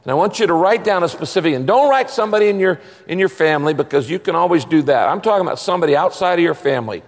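A man preaching a sermon as pastor, emphatic and animated. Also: on the high side, very fast, big-room sound.

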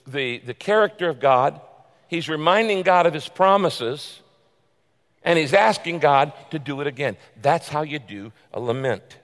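A man preaching a sermon, swinging from loud, pleading quotes down to hushed, confiding asides. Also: on the high side. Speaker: pastor. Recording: long reverb of a large hall.

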